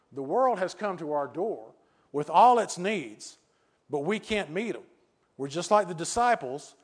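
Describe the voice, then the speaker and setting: An older male preacher delivers an earnest sermon in a voice pitched a little high for a man. He doubles back on his key phrases and leans on rhetorical questions to drive each point home.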